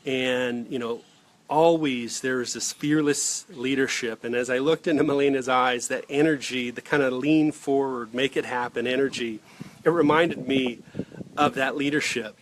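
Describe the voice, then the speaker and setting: A man's voice: mid-range voice, fairly bright tone. Earnest rambling male coach. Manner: rambling, earnest, many fillers and restarts. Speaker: leadership coach. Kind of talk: casual direct-to-camera vlog.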